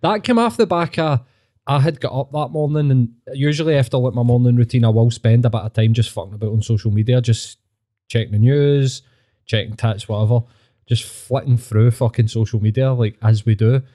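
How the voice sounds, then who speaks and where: A man's voice: medium pitch, a little fast, mellow. A man with a Glaswegian Scottish accent, hosting a podcast in casual, sweary, mocking chat. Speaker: podcast host.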